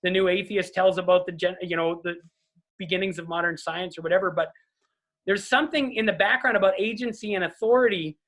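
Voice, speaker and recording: A man's voice: sits high, fairly even intonation, a little fast, a bit bright. A man speaking as a guest in a casual conversation over a video call, earnest and often checking in with "right?".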